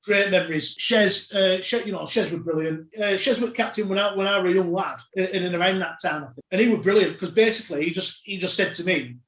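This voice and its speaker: Lively man spinning yarns. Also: sits high, fast talker, hardly any pauses. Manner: animated anecdotes, laughs while telling. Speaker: podcast guest. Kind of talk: casual storytelling. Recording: roomy echo.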